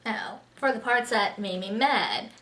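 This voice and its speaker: A woman's voice: a little high, a little slow, a bit bright, reverberant, a little hiss or hum, poor audio. Chatty woman gushing over a book. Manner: gushing, chatty, heavy on "like" and "just". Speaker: book reviewer. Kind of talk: casual book review vlog.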